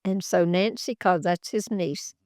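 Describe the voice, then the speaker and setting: A woman's voice: on the low side, unhurried, darkish tone, no echo, clean studio sound. Older woman telling folksy stories. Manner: folksy, rambling anecdotes with acted quotes. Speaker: interviewee, former executive assistant. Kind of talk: casual storytelling. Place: office.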